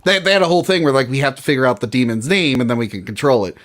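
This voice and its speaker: A man co-hosting a podcast, talking in a casual, animated way, often laughing and saying "like". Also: medium pitch. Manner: animated, quick to laugh, lots of "like". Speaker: podcast co-host. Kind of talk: casual chat.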